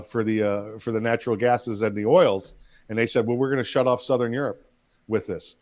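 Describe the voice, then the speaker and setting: A man co-hosting a political talk show, chatty and jokey, often trailing into fillers. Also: medium pitch. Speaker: co-host.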